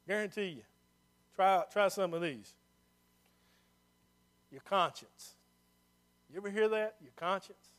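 A pastor delivering a sermon in a high, bright voice. He talks in a folksy, plain way, drops almost to a whisper, then swells back up to loud emphasis. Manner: swings from hushed to loud and emphatic.

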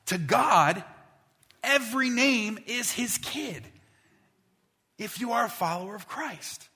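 Animated preacher in a reverberant church. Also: male voice, sits high. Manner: animated, conversational preaching with acted-out voices. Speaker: pastor. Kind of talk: sermon. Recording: long reverb of a church hall.

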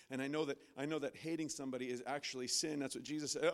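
A man preaching a sermon from a church stage, animated and acting out inner voices with sudden loud, high bursts. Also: fast, hardly any pauses. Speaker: pastor.

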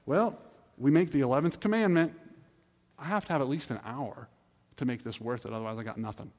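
A man's voice: medium pitch, brisk, a little mellow. A man pastor, preaching a sermon in an earnest, pleading, conversational way with acted asides. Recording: reverberant hall.

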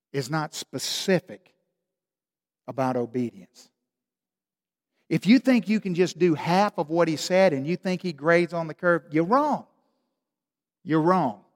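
Male pastor, emphatic sermon delivery, high-pitched, echoing church hall. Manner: animated, emphatic storytelling.

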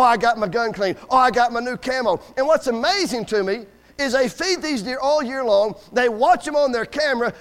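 Casting: high-pitched male preacher, folksy humor, amen calls, church hall reverb. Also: fairly bright tone. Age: adult with school-age kids. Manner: folksy, joking storyteller with call-and-response amens. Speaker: guest preacher. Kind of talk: sermon. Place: church sanctuary.

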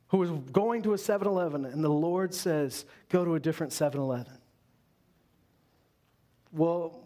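A male pastor delivering a conversational sermon to a congregation, animated and full of quick asides. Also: high voice.

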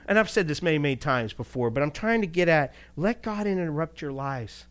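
Male pastor, casual preaching voice, lively delivery with rhetorical questions and quick laughs. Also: fairly high pitch. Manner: animated, rhetorical questions, chuckles. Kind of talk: conversational sermon.

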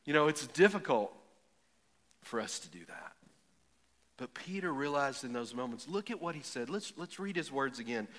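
A middle-aged man preaching a sermon with folksy stories, building from quiet reflection to emphatic punch lines. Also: mid-range voice, animated, moderate pace. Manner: folksy storytelling, rising to emphatic, builds up to jokes. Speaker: pastor. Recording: echoey hall with long reverb.

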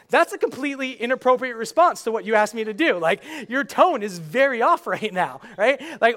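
Passionate young male preacher, high-pitched. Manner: conversational preaching, swinging between loud emphasis and soft intimate lines. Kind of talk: sermon.

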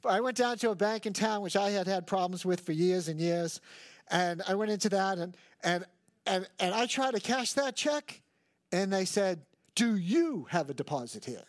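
A man's voice: high-pitched, normal speed. An older man, a pastor, preaching a sermon and telling stories with self-mocking humor. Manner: animated storytelling with self-mocking humor and acted quotes.

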